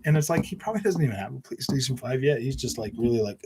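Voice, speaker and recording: Male gaming streamer, casual live chat, sarcastic and mocking, slightly high voice. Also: sing-song, quick pace, few pauses, darkish tone, husky. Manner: sarcastic, mocking, says "man" and "bro" a lot. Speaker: gaming channel host.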